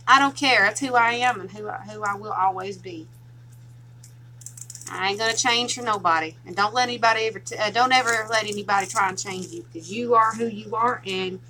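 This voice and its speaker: A woman's voice: mid-range voice, pushed and bright, slight background noise, low-quality recording. A woman from Tennessee with a strong Southern twang, chatting casually and laughing often while she walks viewers through a craft project. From Tennessee, USA. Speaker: craft tutorial host.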